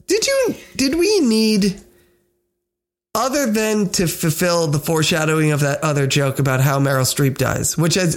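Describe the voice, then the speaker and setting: A man co-hosting a casual film review podcast, wry and teasing, swearing casually. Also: a little high. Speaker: podcast co-host.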